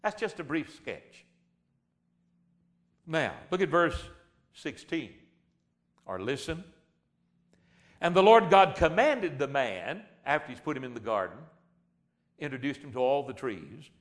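Older male preacher with a fairly high voice. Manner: swings from loud emphasis to hushed asides; folksy, addresses the congregation as a class. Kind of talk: sermon.

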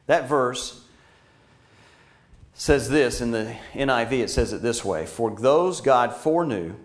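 A man preaching a sermon, earnest, moving between emphatic points and quiet, hushed lines. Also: mid-range voice.

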